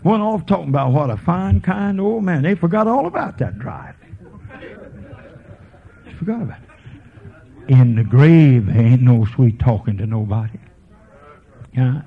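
A man preaching a revival sermon as a folksy evangelist, swinging from quiet murmurs to fervent preaching. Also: medium pitch, very animated, measured pace, gravelly, long pauses, husky. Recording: tinny lo-fi sermon tape.

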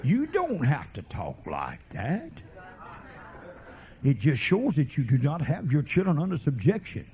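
A man preaching a revival sermon as a folksy evangelist, swinging from quiet murmurs to fervent preaching. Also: mid-range voice, huge pitch swings, a little slow. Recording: tinny lo-fi sermon tape.

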